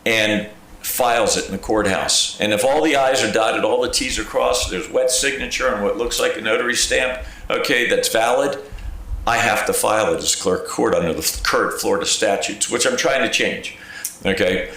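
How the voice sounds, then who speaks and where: In a very echoey council chamber, a county clerk of court with a fairly low voice and some vocal fry speaks at normal speed to a village council. He is an animated storyteller who acts out calls and quotes, talking conversationally and stressing points with repeated "okay?"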